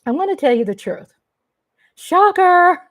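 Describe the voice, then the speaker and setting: A middle-aged woman from Texas with a Texan accent, hosting a casual livestream and gushing shout-outs to her viewers. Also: fairly high pitch, a little slow. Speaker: livestream host.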